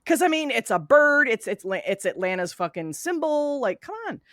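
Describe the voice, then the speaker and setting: A woman's voice: fairly high pitch, moderate pace, no echo, studio quality. Blunt, swearing woman co-host. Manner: blunt, swears freely, animated. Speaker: podcast co-host. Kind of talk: casual chat.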